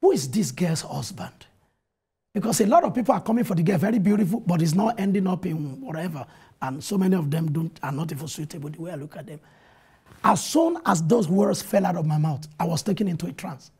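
A pastor testifies during a TV studio interview, his dark, mellow voice carrying a strongly husky, raspy texture while sitting high and sounding expressive and fairly quick. He preaches with earnestness, weaving in scripture and telling events with animation.

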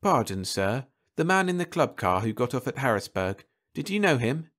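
A man's voice: medium pitch, big pitch swings, moderate pace, a bit bright. A man voicing a formal, polite train porter. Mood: worried.

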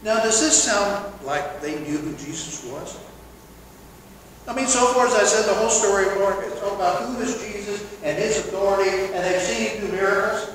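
A man preaching a sermon in a church, animated, acting out quoted lines in a loud voice. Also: high-pitched, moderate pace. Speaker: pastor. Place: church sanctuary. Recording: echoey hall from far off, noisy.

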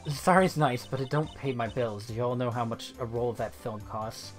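A man voicing a brash, loud Southern woman photographer with an exaggerated drawl. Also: mid-range voice, normal speed, faint music behind, lightly acted. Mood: indignant. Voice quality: exaggerated drawl, folksy talk.

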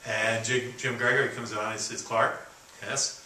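A man in his sixties from Canada giving a keynote speech, telling stories in a folksy, halting way full of fillers and restarts. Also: mid-range voice, little pitch movement, sharp tone, a little hiss or hum. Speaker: keynote speaker. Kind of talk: storytelling speech. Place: conference hall. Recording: roomy, distant venue recording with faint ambience.

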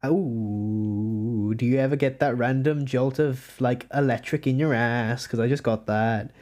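A young adult streamer talks casually to live chat while drawing, at a middling pitch. The talk rambles, with frequent giggles and quick asides to viewers. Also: expressive, a little mellow. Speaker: livestreamer.

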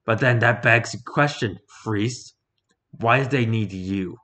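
A man voicing a mocking male oni demon who speaks slowly and tauntingly. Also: lowish voice, a bit bright. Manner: slow, taunting.

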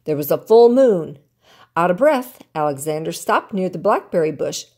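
An older woman, a grandmother, reading a children's picture book aloud in an expressive, animated way. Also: lowish voice, normal speed, slightly rough. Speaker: storyteller grandmother.

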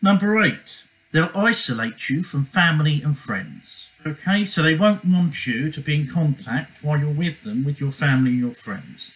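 A man's voice: fairly high pitch, animated, normal speed, few pauses, a bit bright, rough recording. A man giving relationship advice in a casual monologue, earnest and repetitive, often checking in with "okay?".

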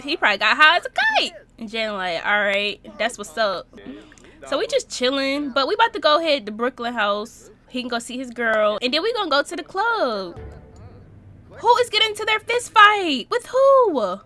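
High, lively young woman gaming. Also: normal speed. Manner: expressive, swears a lot, talks to viewers. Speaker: Sims gameplay YouTuber. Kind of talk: casual gameplay commentary.

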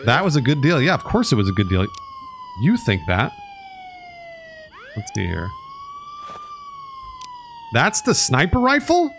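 A man streams a video game live, ranting with exasperated, sarcastic frustration. His pitch jumps all over the place as he talks. Loud game sounds and sirens play clearly behind him. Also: huge pitch swings, moderate pace, pauses often, a little hiss or hum. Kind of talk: live gameplay commentary.

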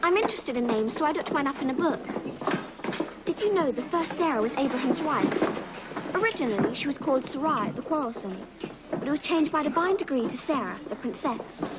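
A woman's voice: high-pitched, animated, a little fast. A young actress playing a polite, well-spoken, earnest schoolgirl in a 1980s television drama. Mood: gentle. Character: polite, poised schoolgirl heroine. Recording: very noisy 1980s TV soundtrack.

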